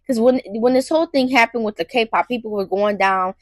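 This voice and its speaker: A young woman rants on a commentary show, emphatic and slangy, circling back over her points. Her voice sits a bit high. The sound is dry and close, with no room around it. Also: brisk, dry recording. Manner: animated, emphatic, repeats herself, slangy. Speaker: commentary host. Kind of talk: casual ranting commentary.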